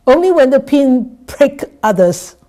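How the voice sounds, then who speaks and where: A Buddhist nun giving a dharma talk. She speaks haltingly, repeats words and keeps asking "right?". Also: high voice, very animated, dark tone. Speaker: Buddhist nun teaching scripture.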